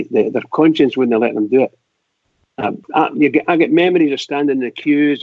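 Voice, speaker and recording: Scottish man, passionate phone-in talk, repeats himself, fairly high voice, dull dry line. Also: no room sound. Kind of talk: casual phone-in chat.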